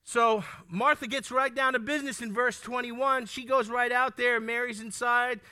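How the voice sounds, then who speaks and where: A man's voice: very high-pitched, fairly even intonation, moderate pace, sharp tone, smooth. A man preaching a sermon, speaking emphatically, firing questions at the congregation, repeating key lines and stumbling over words when worked up.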